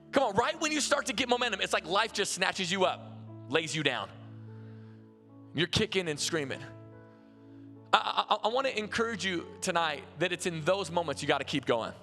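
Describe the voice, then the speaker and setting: A man's voice: high voice, moderate pace, long pauses, big-room sound, faint music behind. A man preaching a sermon as pastor, telling stories in a loose, conversational way with lots of restarts, recorded live in a large church. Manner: conversational, animated storytelling with many restarts.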